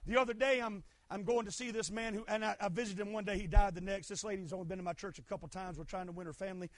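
A middle-aged pastor with a strikingly high voice, preaching with fervor. He shouts his main points and drops to hushed asides in between. The sound is dry and close, with no room around it. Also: steady tone, very fast, dry recording. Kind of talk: sermon.

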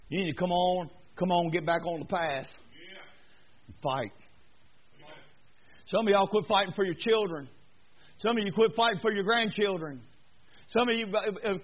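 A preacher with a high-pitched voice delivers a sermon in church. He drops to quiet, rambling asides, then climbs into shouted, pleading exhortation. The sound is thin and tinny, like it came over a phone line. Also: moderate pace, long pauses. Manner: swings from low murmurs to high shouting exhortation. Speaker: pastor.

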